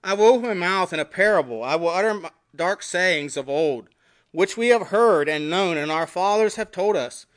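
A male pastor preaching a sermon, reading scripture aloud and swinging between emphatic rises and quiet, dropped endings. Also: high voice, animated, moderate pace. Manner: preaching with scripture readings in King James wording.

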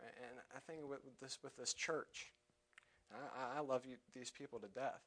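A young man preaching a sermon in church, loud when quoting scripture and quieter and halting in his personal asides. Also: mid-range voice. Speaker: lay preacher.

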